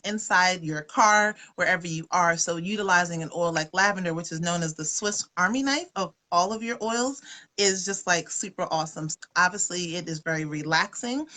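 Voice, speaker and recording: A woman talks casually into her webcam, folksy and chatty, with plenty of fillers. Her voice is bright and a little sharp, and it sits slightly low. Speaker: wellness presenter. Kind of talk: casual livestream presentation.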